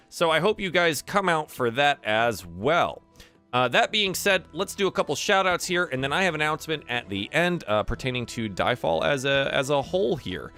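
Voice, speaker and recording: A man narrating as game master of a tabletop game, animated and halting, with many fillers. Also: fairly high pitch, clear, resonant tone, faint music behind. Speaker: dungeon master. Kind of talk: running a tabletop game online.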